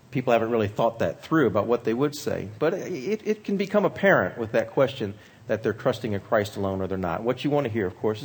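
A man speaking as a pastor, giving a measured teaching talk on ministry with frequent pauses and fillers. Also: mid-range voice, husky.

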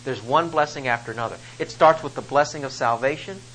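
A man's voice: mid-range voice, fast talker, a bit bright, slight background noise, poor audio. A man preaching a sermon, reading scripture and explaining it with rising emphasis on key phrases. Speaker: pastor.

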